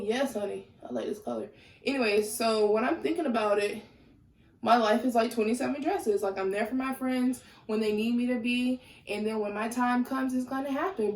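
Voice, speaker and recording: A woman's voice: mid-range voice, a little mellow. Sassy woman vlogging in an echoey room. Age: young adult. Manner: sassy, candid, gets heated. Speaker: lifestyle vlogger. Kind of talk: casual chat while doing makeup.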